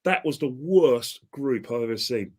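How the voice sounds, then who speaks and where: A man's voice: medium pitch, lively intonation, measured pace, a little mellow, slightly rough. A man talking casually as a podcast guest, rambling and opinionated and laughing at his own jokes. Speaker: podcast guest, football fan. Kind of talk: casual chat.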